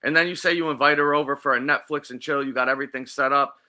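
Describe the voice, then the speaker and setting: A man's voice: medium pitch, steady tone, quick pace, bright, forceful tone. A man giving crude, mocking commentary, swearing often and sounding openly incredulous.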